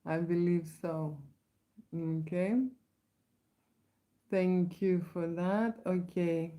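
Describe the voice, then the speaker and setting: A woman with a Lithuanian accent talks through viewer questions on a live stream, chatty and meandering. Her voice sits a little low and sounds mellow and soft. She keeps restarting her sentences and tags them with "right?". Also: little pitch movement, very slow. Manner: rambling, many restarts and tag questions. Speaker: photographer hosting a live Q&A. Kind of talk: casual live-stream talk.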